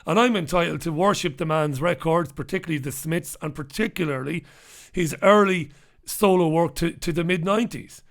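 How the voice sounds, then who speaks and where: A man's voice: a little high, normal speed, creaky. A man with a British accent hosting a live stream, chatting casually and rambling as he reads viewer comments aloud. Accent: British English. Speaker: host.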